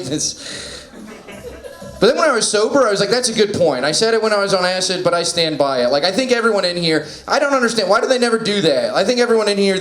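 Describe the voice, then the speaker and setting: Stand-up comic, man, slightly high voice, halting and self-deprecating, laughs at own lines, roomy room. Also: fairly bright tone. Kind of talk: stand-up comedy set. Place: small comedy venue indoors. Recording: roomy small-room sound.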